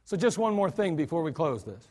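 Brief: male pastor, emphatic sermon delivery with restarts, high-pitched, in a reverberant church. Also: big pitch swings, brisk, darkish tone. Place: church sanctuary.

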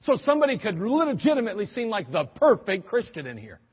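A male preacher with a high, husky voice delivers an animated sermon, breaking into sudden exclamations as he acts out quoted reactions. His voice rings with long reverb through a church hall, and the recording sounds dull and muffled. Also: fast talker.

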